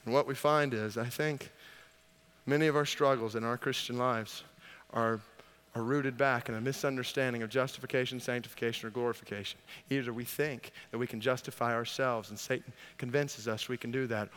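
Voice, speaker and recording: A male pastor preaching a sermon, emphatic, asking rhetorical questions and building to loud exhortation. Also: medium pitch, fairly even intonation, fairly quick, clean tone. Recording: long reverb of a large hall.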